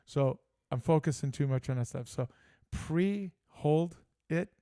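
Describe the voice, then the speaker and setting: A man co-hosting a live sports talk show, telling an animated story with frequent laughter. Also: fairly high pitch, unhurried, smooth, dry recording, studio quality. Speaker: co-host. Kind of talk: casual chat.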